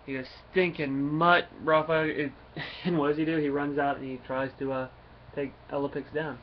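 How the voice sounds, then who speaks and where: Male comic reviewer, casual and rambling, full of fillers; mid-pitched voice, faint background noise. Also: flat delivery, fairly quick. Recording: dull lo-fi recording, faint noise.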